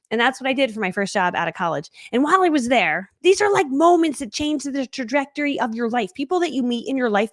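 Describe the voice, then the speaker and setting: A woman's voice: medium pitch, no room sound, studio quality. A woman in her forties telling her story in a chatty livestream, laughing often and acting out quoted voices. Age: 40s. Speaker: network marketing coach. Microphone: streaming setup.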